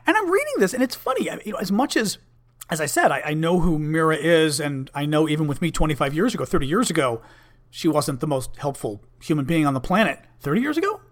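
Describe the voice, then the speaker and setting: Brief: blunt, conversational man in his fifties, slightly higher-pitched voice, storytelling to camera. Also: expressive, quick pace. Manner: candid, conversational, with fillers and restarts, blunt language. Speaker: vlogger, former Senate staffer. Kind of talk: casual storytelling monologue.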